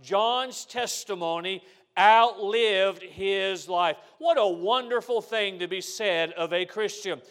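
High-voiced man preaching a sermon. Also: slow pace, a bit bright. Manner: earnest preaching with rhetorical questions. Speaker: pastor.

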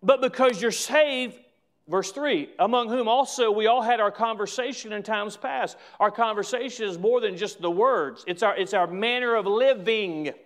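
A pastor preaching a sermon in a church, with emphatic, repetitive phrasing and slow stressed lines. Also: male voice, sits high.

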